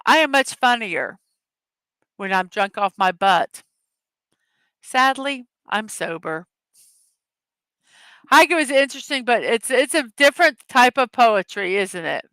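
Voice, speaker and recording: A woman hosts a casual morning stream, chatty and upbeat, and greets her viewers by name. Her voice is fairly high, bright and smooth, and she takes her time. The sound is dry and close. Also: lively intonation, no echo. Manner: reads words slowly one at a time. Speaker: host of a daily morning show. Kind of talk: casual livestream chat, reading puzzle words and memes aloud.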